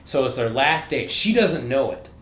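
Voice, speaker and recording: A man co-hosting a relaxed podcast chat, spinning out a long story in loose, rambling sentences. He swears freely and keeps filling the gaps with "like." His voice sits in a middling register and rings a little in a roomy, echoey space. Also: medium pitch, normal speed, slight background noise. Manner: profane, rambling storytelling full of "like". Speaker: podcast co-host. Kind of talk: casual chat.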